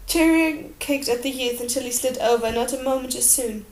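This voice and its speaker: A woman narrating an audiobook in a steady, expressive storytelling manner. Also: high-pitched, fairly quick, few pauses. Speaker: audiobook reader. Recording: roomy echo.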